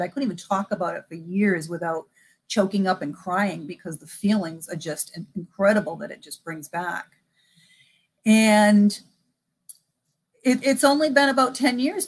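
A middle-aged woman speaks as a psychic medium guest in a relaxed interview, her voice in an ordinary middle register. She talks conversationally and with animation, slipping into the voices of people from her stories as she acts out exchanges. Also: mid-range voice, breathy edge. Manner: animated, acts out both sides of remembered conversations. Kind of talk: casual interview storytelling.

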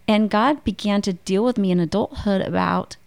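A woman's voice: mid-range voice, normal speed, vocal fry. A middle-aged woman, a guest author, telling personal stories candidly in a casual faith conversation. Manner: candid, storytelling.

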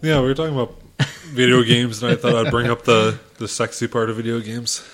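A man's voice: mid-range voice, flat delivery, fairly quick, a bit bright. Man cracking dry, crude jokes. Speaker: podcast guest. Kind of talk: casual crude banter.

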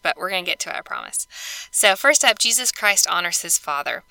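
A woman's voice: fairly low pitch, bright, forceful tone, smooth, dry recording. A woman hosting a podcast, talking through scripture stories in a chatty, earnest way with lots of fillers. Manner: chatty, earnest, many "you know" and "like" fillers. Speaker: podcast host. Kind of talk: casual scripture study talk.

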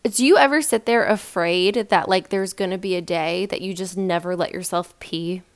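A woman's voice: on the low side, moderate pace, clean tone. A woman hosting a casual solo podcast, chatty and emphatic, with lots of fillers and rhetorical questions. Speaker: podcast host.

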